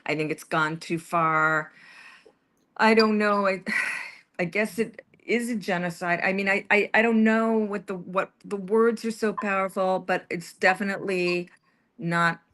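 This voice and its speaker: A woman's voice: mid-range voice, steady tone, unhurried, a bit bright. A woman chatting casually on a livestream, rambling and hesitant with many restarts. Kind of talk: casual chat.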